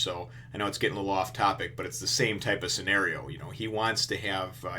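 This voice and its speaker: A man's voice: on the low side, sharp tone, a little hiss or hum. A man reviewing a manga chapter in a casual, rambling way, full of fillers and blunt, profane remarks.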